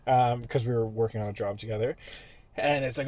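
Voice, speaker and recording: A man's voice: mid-range voice, quick pace, no echo. A man on a podcast, telling long, profane, rambling stories and acting out the people in them. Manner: rambling, profane, animated storyteller who acts out the people in his stories. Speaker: podcast host. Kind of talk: casual podcast storytelling.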